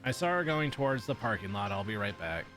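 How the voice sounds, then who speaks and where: A man's voice: fairly low pitch, big pitch swings, a little fast, fairly bright tone, soft background music. A man streaming himself reading a visual novel aloud in a casual way, with swearing and offhand asides.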